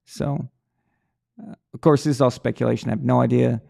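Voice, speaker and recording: Gravelly-voiced man hosting a rambling sports stream. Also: medium pitch, steady tone, fairly quick, warm tone. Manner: rambling, stumbling restarts and repeated words. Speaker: live show host. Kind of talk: casual sports talk livestream.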